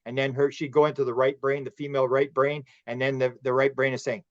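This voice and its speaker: A man's voice: mid-range voice, level tone, fast, hardly any pauses, no echo. A man hosting a casual podcast chat, talking in a rambling way with frequent restarts. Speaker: podcast host. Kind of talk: casual conversation. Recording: dull lo-fi dry sound.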